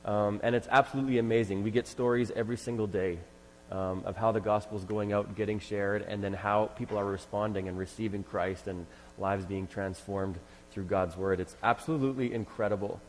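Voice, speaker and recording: A man's voice: on the low side, fairly even intonation, a little fast, slight background noise. A man leading a ministry, telling an enthusiastic testimony story at church with many fillers. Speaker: ministry leader speaking at church. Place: church sanctuary. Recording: long hall reverb.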